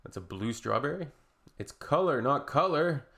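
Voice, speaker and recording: Sarcastic man with a gravelly voice. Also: medium pitch, animated, moderate pace, a bit bright. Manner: sarcastic, mocking. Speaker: reaction video host. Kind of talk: casual reaction commentary.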